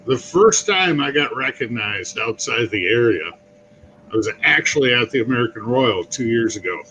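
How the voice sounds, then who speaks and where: A man's voice: mid-range voice, moderate pace, a little hiss or hum, low-quality recording. A man, a barbecue YouTuber, telling chatty stories in a casual talk. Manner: chatty, animated storyteller. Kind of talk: casual chat.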